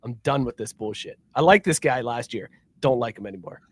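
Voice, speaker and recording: A man's voice: medium pitch, animated, fairly quick, husky. A man co-hosting a sports podcast, ranting casually and profanely with mocking impressions. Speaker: podcast co-host.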